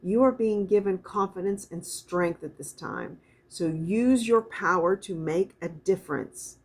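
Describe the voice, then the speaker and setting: A middle-aged woman with a low, husky, breathy voice gives a gentle oracle card reading. She talks softly and wanders between thoughts, then slows right down to read the card texts aloud. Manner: soft, meandering, reads card texts aloud slowly. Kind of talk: spiritual card reading, casual chat.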